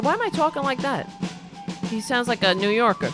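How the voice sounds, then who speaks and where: A woman's voice: fairly high pitch, big pitch swings, a little fast, a bit bright, faint music behind. Sardonic woman comedy host. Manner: sardonic, lecturing. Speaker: podcast host. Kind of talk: political comedy commentary.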